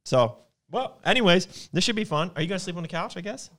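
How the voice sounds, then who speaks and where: Animated young man, lively voice. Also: high-pitched, quick pace. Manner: animated, laughs often, rambling. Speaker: podcast co-host. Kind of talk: casual chat.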